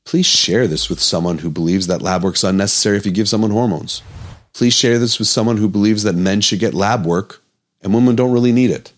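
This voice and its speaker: A man's voice: on the low side, fairly quick. A man hosting his own health podcast as a doctor, speaking in an earnest, emotional, pleading monologue.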